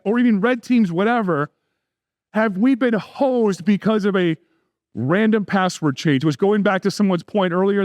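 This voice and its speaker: High-voiced man giving a joking conference talk. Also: dry recording, studio quality. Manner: conversational with joking asides. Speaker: security conference speaker.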